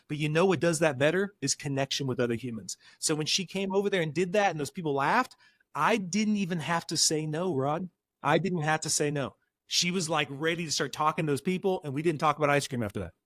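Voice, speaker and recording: A man speaking as a parenting counselor guest on a podcast, animated and acting out dialogue as he tells stories. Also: on the high side, a little fast, no room sound. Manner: animated, acts out quotes in different voices. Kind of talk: podcast interview, storytelling.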